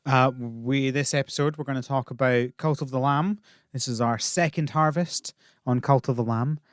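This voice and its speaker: Speaking at medium pitch and a moderate pace, this man co-hosts a podcast in a dry, wry manner. He's right up on the mic in a completely dead, echo-free room, keeping the talk casual.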